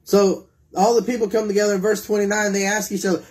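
A man's voice: high voice, little pitch movement, quick pace, a little mellow. A man preaching a sermon, retelling scripture in his own words and putting direct questions to his listeners.

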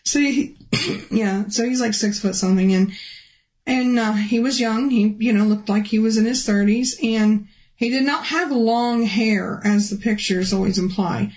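A woman telling a personal testimony in a halting, restart-filled way, her voice rising high and emotional when she recalls pleading. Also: darkish tone, low-quality recording. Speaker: guest telling a near-death testimony. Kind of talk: personal testimony, casual storytelling.

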